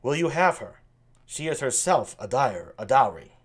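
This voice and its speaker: A man reading the part of a young king in a soft-spoken yet confident voice. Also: medium pitch, big pitch swings, moderate pace, slightly rough. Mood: dignified.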